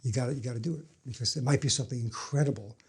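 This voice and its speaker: A male film director and writer giving a thoughtful, frank interview answer with gentle self-deprecation. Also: medium pitch, very fast, slightly rough.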